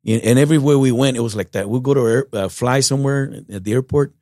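A middle-aged man from Texas, telling stories in a relaxed, rambling way as an interview guest. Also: mid-range voice, fast, no echo, clean studio sound. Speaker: guest musician. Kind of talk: casual storytelling interview.

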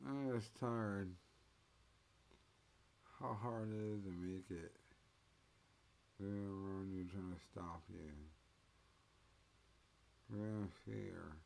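A man co-hosting a podcast, rambling in slow, mumbled casual talk. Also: sits low, vocal fry, a little mellow, slight background noise. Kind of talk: casual chat.

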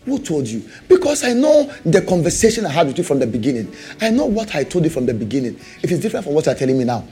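A man's voice: on the high side, big pitch swings, fast talker, hardly any pauses, mellow, faint music behind. A man preaching a sermon, calling for amens and hammering out repeated questions. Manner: call-and-response, rising to emphatic repeated questions.

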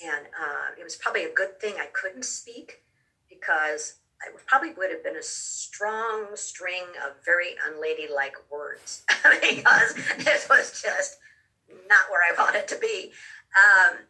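A woman telling a personal story in a halting way, often repeating words, with real emotion, her voice a little distant from the mic. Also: on the low side, lively intonation, pushed and bright. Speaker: storyteller recounting a near-death experience.

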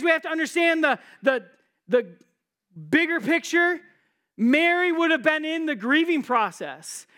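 A man's voice: extremely high pitch, sharp tone. A man preaching a sermon in a conversational way, posing rhetorical questions to his listeners and slipping in jokes. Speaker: pastor.

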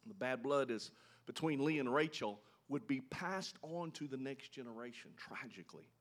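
Lively, expressive male preacher. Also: medium pitch, moderate pace. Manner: animated storytelling, voices quoted characters, asks the congregation questions. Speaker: pastor. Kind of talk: sermon.

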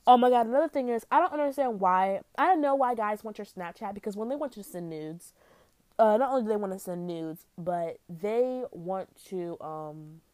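A woman's voice: medium pitch, expressive, moderate pace, darkish tone, dry recording. Blunt, profane young woman vlogging. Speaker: vlogger giving dating advice. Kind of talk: casual vlog monologue.

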